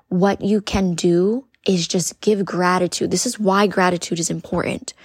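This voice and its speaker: A woman's voice: mid-range voice, steady tone, measured pace, a little mellow, slightly rough, dry recording, clean studio sound. A woman podcast host giving an earnest spiritual coaching talk, repeating phrases and speaking directly to her listeners.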